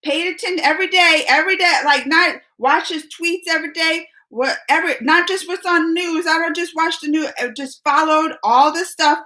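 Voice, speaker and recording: A woman in her forties hosting a live stream, talking to her chat in an animated way and repeating herself as she calls chatters by name. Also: very high-pitched, moderate pace, few pauses, low-quality recording. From United States. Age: 40s.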